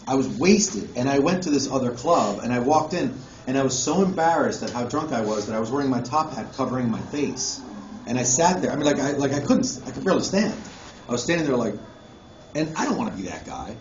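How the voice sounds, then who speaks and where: A man's voice: mid-range voice, lively intonation, quick pace. A man, a musician guest at a convention panel, telling a casual story to a live audience, laughing often and swearing freely. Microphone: phone recording from the audience. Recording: echoey muffled phone recording with room noise.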